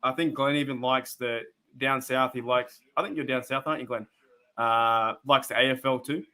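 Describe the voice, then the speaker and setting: A man's voice: mid-range voice, steady tone, moderate pace, bright, forceful tone. A young Australian man hosting a casual live stream, chatting to viewers in a rambling way with lots of restarts and fillers. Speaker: live stream host reacting to football.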